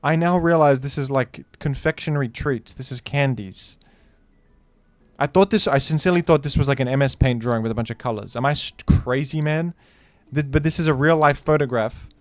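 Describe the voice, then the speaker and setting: A man's voice: mid-range voice, brisk, dry recording, soft background music. A man hosting a gaming video, giving casual, rambling commentary with a joking, incredulous manner. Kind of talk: casual commentary while playing.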